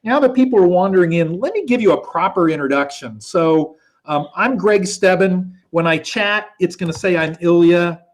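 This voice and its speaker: A man from the United States co-hosts a live online show over a video call. His voice sits fairly high, and he talks in a chatty, rambling way, correcting himself as he goes. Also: animated, normal speed. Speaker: co-host.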